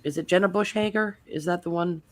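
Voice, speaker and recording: A man's voice: sits high, brisk. A man on a podcast panel in casual chat, telling rambling anecdotes full of restarts.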